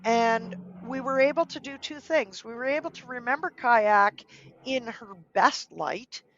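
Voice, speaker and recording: Higher-voiced woman giving earnest advice. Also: animated, measured pace, highs cut off. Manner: earnest, gently advising, acts out quoted speech. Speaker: guest, dog trainer. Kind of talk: podcast interview.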